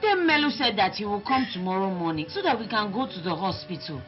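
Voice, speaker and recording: A woman playing a long-suffering wife, lively voice. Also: mid-range voice, fast, lightly acted. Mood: pleading. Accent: Nigerian. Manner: pleading, soothing, then firmly defending herself. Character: patient, long-suffering wife caring for a sick husband. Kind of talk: film drama acting. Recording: dull lo-fi film sound with music.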